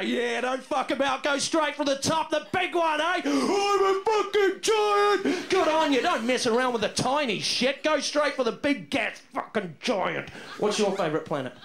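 A man doing a stand-up comedy set on a club stage, loud and excitable, swearing freely and working the crowd. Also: very high-pitched, creaky, a little hiss or hum. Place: comedy club stage in front of a live audience. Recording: roomy club sound with crowd laughter.

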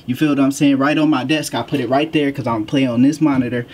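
A gaming YouTuber hosts a casual vlog from his home office, talking straight to his viewers with slang, plenty of asides, and a slightly breathless delivery. His mid-range voice is a little mellow, with fairly even intonation, a quick pace, and slight background noise.

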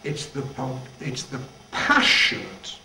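A man's voice: medium pitch, sing-song, takes it slowly, bright, forceful tone. An older man, a retired church leader, giving an informal, humorous devotional talk with chuckling asides to a band at practice. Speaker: retired Salvation Army general leading devotions. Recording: echoey, distant, noisy room recording.

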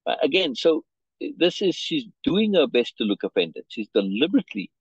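A man's voice: mid-range voice, very animated, moderate pace, husky, no room sound, lo-fi sound. A man reading a story aloud and explaining it to a learner, checking in often and restarting his phrases. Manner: restarts and repeats words. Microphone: video call.

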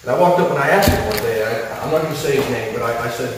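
An earnest middle-aged man preaches a sermon in a mid-range voice. He talks plainly and stacks phrases into loud, rhythmic lists. The sound comes from far back in a long, echoing hall. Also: mid-range voice, quick pace. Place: church hall. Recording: echoey hall from far off, faint noise.

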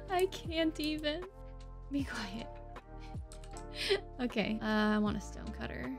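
A woman's voice: fairly high pitch, lively intonation, slow pace, vocal fry, long pauses, bright, forceful tone, soft background music. A woman hosting a let's play, chatting playfully through her gameplay and laughing often. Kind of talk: casual gameplay commentary.

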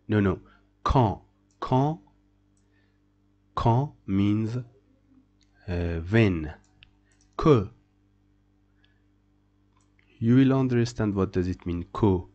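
A man's voice: fairly low pitch, warm tone. A man teaching French pronunciation to beginners, repeating each word several times as he explains the rules. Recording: dull lo-fi sound.

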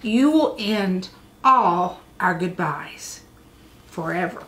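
Woman reading grieving faithful woman, storybook voice, earnest, heartfelt, very slow. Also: lowish voice, animated, fairly bright tone, echoey room, slight background noise.

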